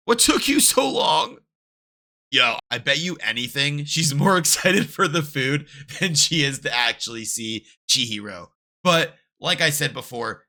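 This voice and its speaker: A man hosting a casual manga reaction, reading aloud, who gets excited and swears freely. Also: mid-range voice. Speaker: reaction host.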